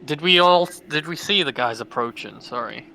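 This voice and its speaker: A man's voice: on the high side, moderate pace, pushed and bright, slight background noise, poor audio. A man, a player in a tabletop game, chatting and describing his character's moves. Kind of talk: casual game chat in character actions.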